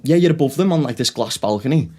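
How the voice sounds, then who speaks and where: A man's voice: medium pitch, expressive, fast talker, a little mellow. Young man telling a rowdy comedy story. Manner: swears often, laughs through his stories. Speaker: comedian podcast co-host. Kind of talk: casual storytelling chat.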